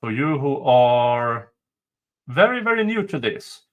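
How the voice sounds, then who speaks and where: A man's voice: mid-range voice, big pitch swings, takes it slowly, phone-quality sound. A man with a Swedish accent hosting a live stream, commenting casually on a trial with sarcastic jokes and swearing. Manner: joking, sarcastic, swears freely. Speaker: livestream host commenting on a trial.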